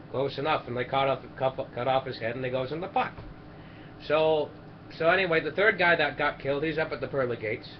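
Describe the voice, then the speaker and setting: A man's voice: medium pitch, fairly quick. Man, rambling joke teller, stream host, lo-fi audio, background noise. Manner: rambling, self-interrupting storyteller with asides. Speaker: charity stream host telling jokes. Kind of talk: casual joke telling.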